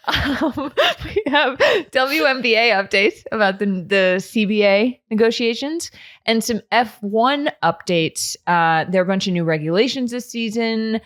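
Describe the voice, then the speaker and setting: Playful young woman podcast co-host. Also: medium pitch. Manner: playful, giggly, quick to do silly voices. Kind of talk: casual chat.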